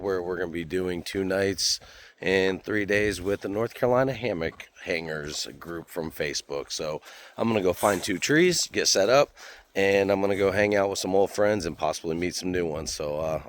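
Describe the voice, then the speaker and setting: A man, casually vlogging to camera at a forest campground in a relaxed, folksy way. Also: low voice, a little hiss or hum. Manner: relaxed and folksy, addresses viewers as y'all. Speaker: outdoor vlogger. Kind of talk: casual vlog talk to camera.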